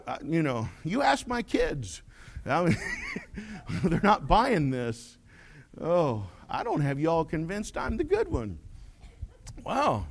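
A man preaching a sermon, telling a folksy story and acting out the voices in it. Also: a little high. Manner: folksy, animated, acts out quoted voices. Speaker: pastor.

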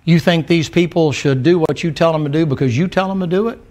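A man preaching a sermon, telling Bible stories in a folksy, animated way and acting out the characters' words. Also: on the high side, quick pace. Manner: folksy, animated storytelling with acted quotes.

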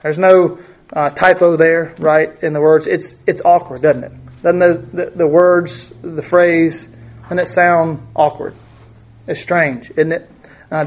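A man with a somewhat high voice teaches a Bible lesson, reading verses and explaining them. He talks conversationally, full of fillers and rhetorical questions. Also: a little mellow.

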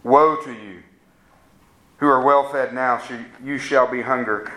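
A man's voice: mid-range voice, fairly even intonation, measured pace, sharp tone. A man preaching a sermon, making earnest, pleading appeals to his listeners.

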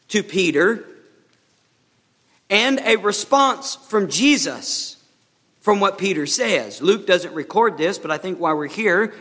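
A man preaching a sermon as pastor, emphatic, with a voice that rises and falls. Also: a bit bright. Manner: emphatic preaching with rising and falling pitch. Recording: long reverb of a hall.

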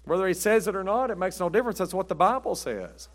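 A man's voice: high voice, lively intonation, quick pace. Folksy emphatic preacher man. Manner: folksy, emphatic, punchy short lines. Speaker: Baptist preacher. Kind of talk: sermon.

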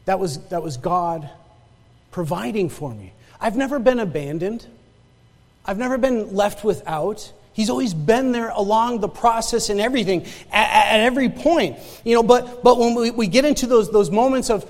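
High-voiced preacher in an echoing hall. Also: male voice, lively intonation, moderate pace. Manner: conversational, stammering restarts, repeats phrases for emphasis. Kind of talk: sermon with personal testimony. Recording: long hall reverb.

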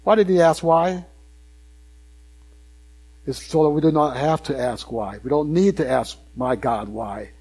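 A man's voice: a little high, measured pace, long pauses, mellow. An older man preaching a sermon to a congregation in a conversational way, repeating phrases and asking the listeners questions.

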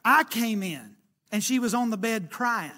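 High, bright-voiced preacher man. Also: lively intonation, measured pace. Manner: folksy Southern preaching, storytelling, rising and falling emphasis. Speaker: pastor. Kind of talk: sermon.

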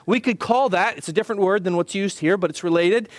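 A pastor preaching a sermon in an earnest, measured way, slowing down to stress key phrases. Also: male voice, high voice, no echo. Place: church.

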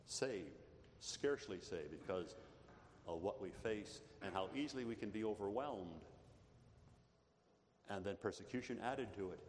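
A man preaching a sermon earnestly, building to emphatic peaks and often addressing the congregation as beloved. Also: sits low. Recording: echoey hall, faint background noise.

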